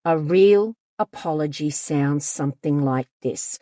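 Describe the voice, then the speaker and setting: A woman's voice: fairly low pitch, takes it slowly, a little mellow, no echo, studio quality. A woman counsellor talking directly to her audience in an emphatic advice monologue, sometimes acting out quoted lines. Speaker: counsellor and channel host.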